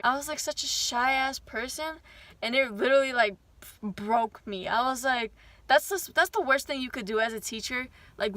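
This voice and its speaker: Chatty young woman with a bright voice. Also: a little high, no echo. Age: young adult. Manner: chatty, animated, frequent swearing, rambling asides. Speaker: vlogger. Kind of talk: casual storytime.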